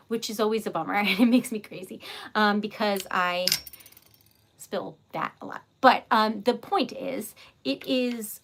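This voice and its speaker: A woman hosting a casual livestream while making wax seals, bubbly and excitable, giggling often and chatting with viewers. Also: a little high. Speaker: livestream host.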